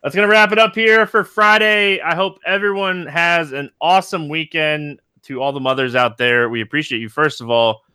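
A man hosting a casual sports podcast, relaxed and playful, with frequent ums. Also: mid-range voice, clear, resonant tone. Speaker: podcast host.

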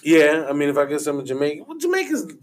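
Guy w a high voice cohosting a loose profane chat, keeps pulling it back on topic. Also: wildly swooping pitch, quick pace. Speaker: podcast co-host. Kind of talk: casual chat.

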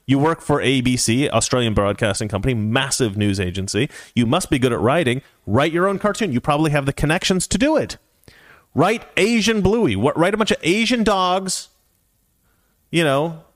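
Male commentator, sarcastic and animated, a dry close sound, lively up-and-down pitch. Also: no echo. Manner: sarcastic, animated, reads quotes aloud. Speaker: commentary host. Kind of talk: casual opinion commentary.

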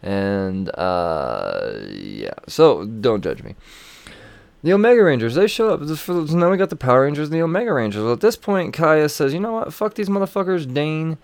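A man's voice: medium pitch, sing-song, normal speed, gravelly, no room sound. A man hosting a casual comic book review show, late at night and wired on coffee, rambling and swearing freely. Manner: rambling, profane, chuckling. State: over-caffeinated late at night. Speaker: comic book podcast host.

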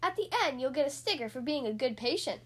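A woman's voice: high-pitched, expressive, fast, breathy edge. A woman voicing a friendly, furry woman doctor in a children's storybook reading, cheerful and encouraging.

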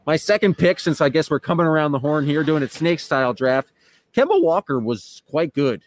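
Chatty, fairly high-voiced male podcast host. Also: normal speed. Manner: relaxed, chatty, with frequent filler sounds. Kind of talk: casual sports podcast chat.

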